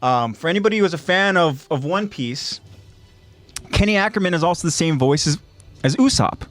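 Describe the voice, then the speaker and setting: Animated male podcast host recapping. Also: a little high, fairly quick, no room sound, soft background music. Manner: animated storyteller, doing voices. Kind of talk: casual episode recap and chat.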